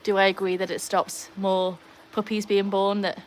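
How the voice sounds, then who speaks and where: A woman's voice: mid-range voice, flat delivery, moderate pace, a little hiss or hum. Chatty Welsh woman livestreaming. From Wales. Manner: chatty, reads out viewer comments, talks to her dogs. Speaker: livestream host. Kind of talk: casual live-stream chat. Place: outdoors by a backyard pool.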